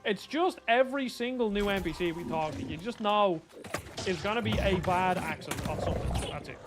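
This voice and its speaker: A man's voice: high-pitched, lively intonation, normal speed, over loud music. Chatty Irish man ranting over gameplay. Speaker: gaming streamer. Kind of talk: casual gameplay commentary.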